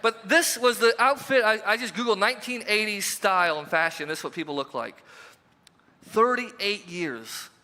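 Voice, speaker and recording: A man's voice: high-pitched, fairly quick, few pauses, sharp tone. A pastor preaching a conversational sermon to his congregation, repeating rhetorical questions and dropping in joking asides. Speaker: lead pastor. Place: church sanctuary. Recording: long hall reverb.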